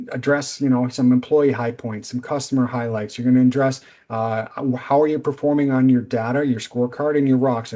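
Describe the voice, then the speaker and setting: A middle-aged man presenting a business seminar as a coach, speaking in a direct, energetic, instructive way. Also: medium pitch.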